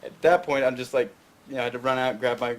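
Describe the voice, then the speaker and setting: A man's voice: mid-range voice, fairly even intonation, rapid-fire, slight background noise. A young man from Tennessee telling a long story as a guest on a talk show, full of fillers and restarts. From Fayette County, Tennessee. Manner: rambling, many fillers and restarts. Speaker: guest filmmaker. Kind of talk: casual storytelling interview.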